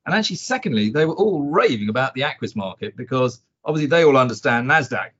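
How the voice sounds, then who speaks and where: A man's voice: mid-range voice, animated, fast talker, fairly bright tone, husky. A man hosting a podcast about markets, talking casually and rambling with fillers and restarts. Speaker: podcast host. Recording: dull lo-fi audio.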